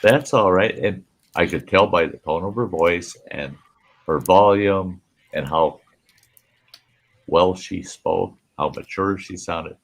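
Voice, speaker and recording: Slow, gravelly low-voiced man telling stories. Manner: rambling anecdotes, acting out quotes, laughing. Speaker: host. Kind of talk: casual campfire storytelling chat.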